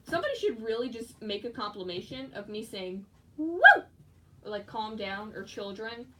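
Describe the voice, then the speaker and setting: A woman chatting casually while she crafts, giggling often and breaking into excited squeals. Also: medium pitch, normal speed. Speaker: fursuit maker streaming live. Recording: distant mic with faint background noise.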